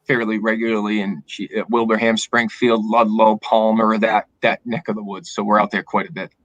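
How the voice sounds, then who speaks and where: A man's voice: lowish voice, little pitch movement, normal speed, no room sound, highs cut off. A man with an Eastern Massachusetts accent, chatting frankly as a guest on a video call. He sounds reflective and often restarts his sentences. The sound is dry and close, with little room around it. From Massachusetts, south of Boston. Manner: candid, reflective, with frequent restarts. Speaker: guest filmmaker. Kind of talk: casual live-stream chat.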